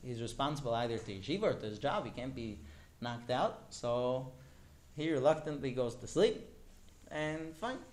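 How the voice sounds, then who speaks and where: A male teacher telling a story to his class in an animated way, often turning to ask the students directly. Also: medium pitch, moderate pace.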